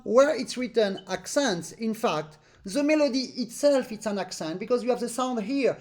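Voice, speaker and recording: A man with a high voice gives a live online accordion master class over a video call. His English has non-native phrasing. He often sings rhythmic syllables to show how a passage should sound. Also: expressive, brisk. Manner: explains with sung syllables to demonstrate phrasing. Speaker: accordion teacher.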